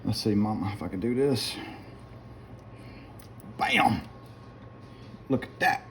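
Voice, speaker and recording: A man's voice: fairly low pitch, quick pace, noisy background. Folksy South Louisiana man cooking. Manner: folksy and chatty, keeps addressing viewers as guys. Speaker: home cook. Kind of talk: casual cooking demonstration. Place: home kitchen. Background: pots and utensils clinking.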